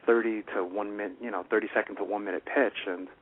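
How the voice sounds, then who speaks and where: A man's voice: lowish voice, fairly even intonation, fast talker. A man with a New York accent co-hosting a radio talk show, rambling casually with many fillers and restarts. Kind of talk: casual on-air chat. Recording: tinny phone-like radio audio.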